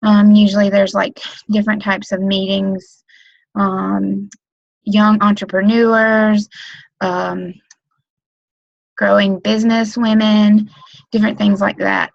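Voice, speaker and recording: A woman's voice: mid-range voice, level tone, slow, creaky, pauses often, no room sound, highs cut off. A woman giving casual training on a webinar, rambling with lots of um, like and you know. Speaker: direct sales consultant training new team members. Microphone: computer mic on a webinar.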